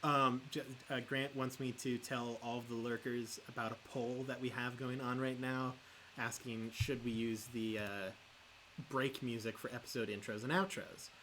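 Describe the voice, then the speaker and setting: A man's voice: medium pitch, flat delivery, sharp tone, slight background noise. Joking man co-hosting a podcast. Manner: joking, quick to laugh, puts on silly voices. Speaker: podcast co-host. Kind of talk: casual chat.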